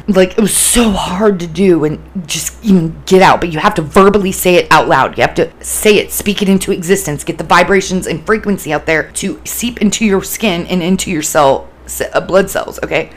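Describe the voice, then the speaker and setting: A woman's voice: fairly low pitch, fairly quick. A woman hosting a podcast, talking casually and earnestly about self-love, blunt and full of swearing, acting out her own thoughts as she goes. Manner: animated, acts out her own inner voice. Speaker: podcast host. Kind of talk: casual self-help talk.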